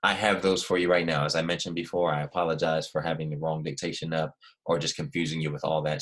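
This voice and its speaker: A man's voice: rumbling low, little pitch movement, fairly bright tone. A man teaching a recorded language lesson, explaining patiently step by step and asking his students questions. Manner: slow, careful dictation with each word repeated.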